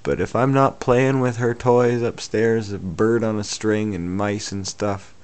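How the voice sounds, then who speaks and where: A man's voice: on the low side, fairly even intonation, a little slow, darkish tone, smooth. A man at home filming his pet cat, talking to her in a coaxing, chuckling way. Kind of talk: casual home video talk to a pet. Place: home room. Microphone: handheld camera mic.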